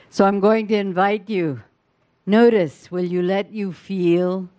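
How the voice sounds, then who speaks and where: A woman leading a guided breathing meditation, with soft, soothing, drawn-out invitations to breathe. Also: medium pitch, steady tone, no room sound.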